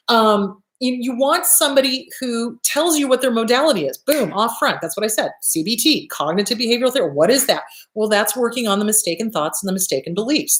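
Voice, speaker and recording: A woman therapist giving blunt advice, emphatic and swearing freely, often acting out quoted voices. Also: fairly high pitch. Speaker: therapist and show host. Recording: echoey room.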